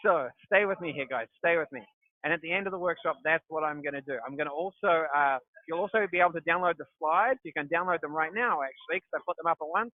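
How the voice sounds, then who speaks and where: A man's voice: fairly high pitch, dry recording, phone-quality sound. A man with a New Zealand accent presenting a live webinar as a real estate marketing coach, upbeat and salesy with self-joking asides. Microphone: livestream.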